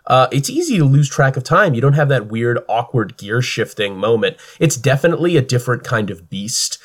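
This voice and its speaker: A man's voice: medium pitch, very animated, fairly quick. A young man co-hosting a podcast, chatting casually about running games with lots of fillers and restarts. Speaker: podcast co-host and game master. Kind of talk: casual chat.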